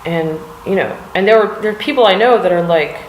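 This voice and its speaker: A US woman who vlogs speaks briskly in a fairly low voice while rambling casually in her cold art studio at home. She leans on fillers and swears occasionally, and the echoey recording has slight background noise.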